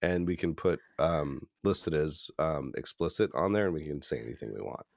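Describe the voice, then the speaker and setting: Recorded in studio quality with no room sound, this young podcast co-host speaks expressively at normal speed in a creaky voice. He laughs through his casual stories and adopts higher voices when quoting others.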